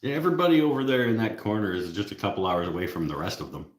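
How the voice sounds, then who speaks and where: A man's voice: fairly low pitch, sing-song, rapid-fire, reverberant. A Canadian man with a Canadian accent, hosting a casual live stream, joking with viewers and laughing at his own jokes. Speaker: livestream host.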